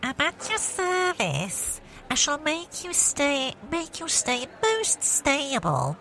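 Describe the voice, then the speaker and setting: A woman's voice: high voice, wildly swooping pitch, takes it slowly, pushed and bright, voice pushed up, exaggerated voice. A woman voicing a formal Swiss ski instructress with a heavy accent and a nasal, blocked-nose sound. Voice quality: nasal, as if from a head cold. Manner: stiff, formal hospitality.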